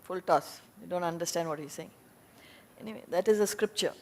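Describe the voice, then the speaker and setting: A woman giving a lecture on scripture, explaining ideas point by point in a deliberate way. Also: lowish voice, darkish tone. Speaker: spiritual teacher. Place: lecture hall before an audience.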